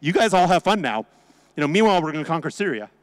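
A man's voice: a little high, big pitch swings, fast, studio quality. A man playing a smug, dismissive male head of state in an offhand, mocking way, with a long hall reverb on the recording.

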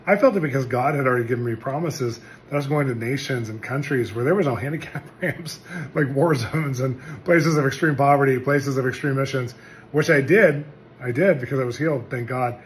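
A man's voice: medium pitch, brisk, slight background noise. Earnest man telling a testimony. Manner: earnest, animated storytelling with acted quotes. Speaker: pastor. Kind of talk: testimony sermon.

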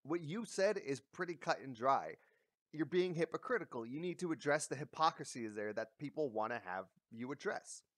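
A man's voice: on the high side, lively intonation, moderate pace, a bit bright, dry recording, clean studio sound. A man giving a casual, blunt ranting commentary, mocking and swearing freely as he talks. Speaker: commentary vlogger. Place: lives in a big coastal city.

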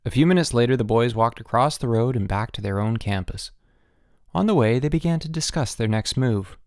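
A man narrating a children's audiobook in an expressive storytelling manner, changing his voice for different characters. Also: medium pitch, fairly quick, dry recording, clean studio sound.

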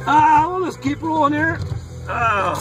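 A young man filming a casual mail-day vlog on his phone from inside a parked car, talking loudly and profanely in an excited, rambling way. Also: very high voice, a little slow, music in the background, rough recording. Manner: loud, profane, hyped-up rambling. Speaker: sports card collector vlogger. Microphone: phone camera held in hand.

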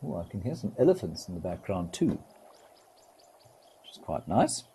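A man hosting a live wildlife stream, talking in a relaxed, gently wry way and greeting viewers. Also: low voice, moderate pace, slight background noise, low-quality recording.

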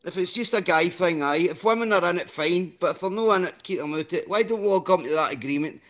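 A man talks to a live-stream panel and tries to broker an agreement. His voice sits high, and he tags his points with "right?" and "mate". He sounds persuasive rather than angry. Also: fast talker, fairly bright tone. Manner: persuasive, peacemaking, frequent "right?". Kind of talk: casual live-stream discussion.

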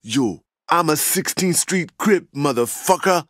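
An actor playing a young street gang thug who mocks and threatens. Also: male voice, on the high side, expressive, measured pace, a bit bright, no echo, clean studio sound. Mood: sneering. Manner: sneering and mocking.

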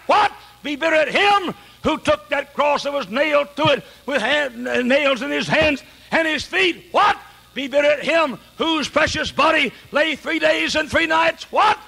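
A man preaching a sermon with passion, hammering rhetorical questions and often raising his voice to a shout. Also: extremely high pitch, gravelly.

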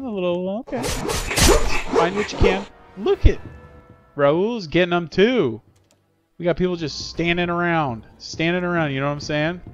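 A middle-aged man hosting a game livestream, chatting upbeat with viewers and cheering on players. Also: mid-range voice. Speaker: livestream host. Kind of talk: casual gameplay commentary. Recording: slightly dull lo-fi audio with faint game music.

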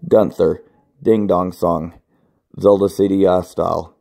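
A young man reading his own absurd comedy fanfiction aloud in a flat, deadpan way. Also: sits low, measured pace, creaky.

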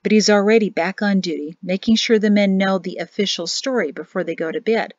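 A woman's voice: mid-range voice, a little fast, no echo, close to an everyday voice. A woman reading an earnest, respectful young male lieutenant in an audiobook. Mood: reporting. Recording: dull dry home recording.

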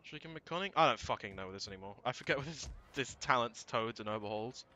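Bright-voiced man swearing through gameplay. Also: medium pitch, lively intonation, quick pace. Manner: thinks aloud, swears and shouts when frustrated. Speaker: let's play gamer. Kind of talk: casual gameplay commentary.

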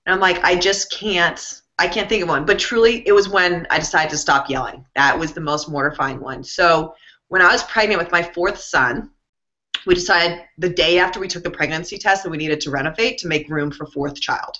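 A woman in her thirties with a low but bright, forceful voice, telling lively self-mocking stories as an interview guest. The sound is dull and lo-fi. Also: brisk. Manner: animated, self-mocking storyteller. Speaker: guest author. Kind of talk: casual interview storytelling.

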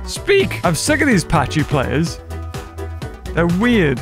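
Excitable man, high lively voice. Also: slow, music in the background. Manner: excitable, laughs often, talks to other players. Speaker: gaming channel host. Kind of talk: casual gameplay commentary.

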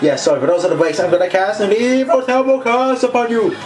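A man's voice: high-pitched, steady tone, fast talker, roomy sound, faint music behind, pitched above the performer's own voice, lightly acted. A man voicing a gloating evil spirit trapped in a box, taunting and cackling as he reads game dialogue aloud.

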